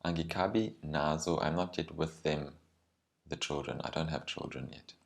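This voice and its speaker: A male language teacher explains words and grammar step by step. He talks carefully, pausing with ums and slowing down on key terms. His voice sits extremely low. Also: vocal fry.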